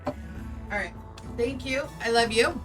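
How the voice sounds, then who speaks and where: Woman, game streamer, slow unhurried talk, swearing, laughing, cooing to her cat. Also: on the high side, over music. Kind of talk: casual live-stream chat.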